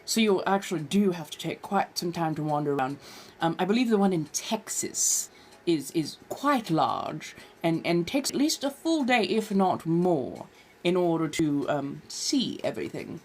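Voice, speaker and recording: A woman's voice: lowish voice, animated, moderate pace, a little mellow, slight background noise. A woman hosting a live stream in character as an ancient vampire, chatting and reading tarot with theatrical, old-fashioned genteel phrasing.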